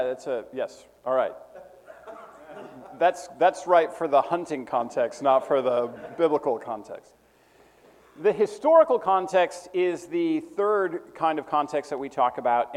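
A man teaching a preaching class, defining terms methodically and repeating them slowly so students can take notes. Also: fairly high pitch, long reverb tail. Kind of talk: classroom lecture.

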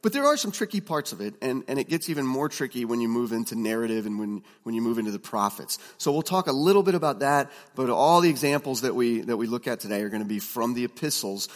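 A man's voice: medium pitch, lively intonation, quick pace, hardly any pauses. Man teaching in an echoing hall. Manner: conversational, many fillers and restarts, storytelling asides. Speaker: preaching instructor. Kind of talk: classroom teaching talk.

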